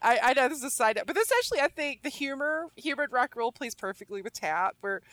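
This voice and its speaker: An excitable woman telling rock anecdotes with a high, bright pitch, often laughing and filling her talk with "like". The sound is dry and close, with no room echo. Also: fast. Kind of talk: casual chat about rock music.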